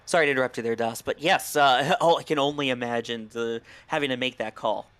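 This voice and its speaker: Man giving clear launch commentary. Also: mid-range voice, a bit bright. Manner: measured, informative, with fillers.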